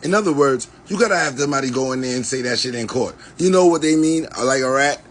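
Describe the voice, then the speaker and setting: A man's voice: mid-range voice, quick pace, a little hiss or hum. A man delivering a blunt, scornful rant to the camera, full of swearing. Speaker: commentator on legal rights.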